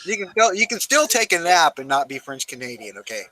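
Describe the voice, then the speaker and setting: A man's voice: on the high side, sing-song, fairly quick, pushed and bright, no room sound, poor audio. A man who is a guest on a live stream, chatting casually, joking and rambling with many restarts. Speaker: guest artist.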